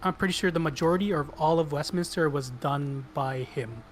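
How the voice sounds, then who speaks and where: Relaxed Canadian man, hesitant. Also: on the high side, fairly quick. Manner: relaxed, hesitant with lots of ums. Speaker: guest game artist. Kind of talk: casual interview chat.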